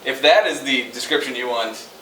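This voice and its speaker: A man's voice: mid-range voice, normal speed, bright, forceful tone, slight background noise. Sarcastic man reviewing a movie, echoey room. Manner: rambling, sarcastic, many fillers. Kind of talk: casual movie review chat. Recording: echoey room, mic at a distance.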